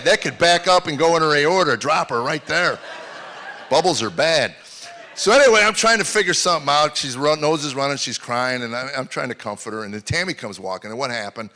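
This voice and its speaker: An older man on a comedy stage, telling rambling stories into a handheld mic. His voice is bright and forward. He drops to low mutters, then bursts out loud. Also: expressive, a little fast. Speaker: stand-up comedian. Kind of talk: stand-up comedy set. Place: live comedy venue.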